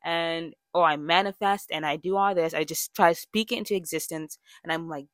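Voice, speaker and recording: A young woman talks through a casual personal monologue, candid and rambling, catching herself mid-sentence and starting over. Her voice sits a little low. It is recorded close and dry, with no room sound. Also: a little fast, few pauses, no echo. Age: young adult. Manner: chatty and candid, with frequent fillers and self-corrections. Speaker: podcast host.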